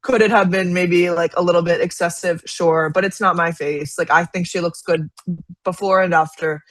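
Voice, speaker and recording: A young woman co-hosting a podcast in casual chat, talking fast and loose with lots of "like" and frequent laughs. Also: lowish voice, fairly even intonation, a bit bright, no echo. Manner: chatty, lots of "like", laughs often. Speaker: podcast co-host.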